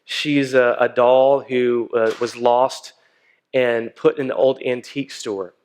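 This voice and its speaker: A man's voice: mid-range voice, steady tone, takes it slowly, a little mellow, clean tone. A man preaching a sermon in a conversational way, with frequent fillers and restarts. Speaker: pastor.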